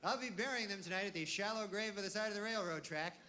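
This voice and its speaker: A man's voice: high voice, fast, pushed and bright, voice pushed up. A comedian putting on a meek, dutiful man reporting to the devil. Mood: obsequious. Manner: dutiful, matter-of-fact about grisly deeds.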